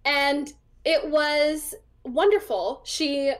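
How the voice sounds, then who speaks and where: A woman's voice: high voice, steady tone, very slow. A young woman talking as an interview guest, chatty and casual, with lots of fillers as she acts out the voices in her stories. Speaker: interview guest, psychic medium.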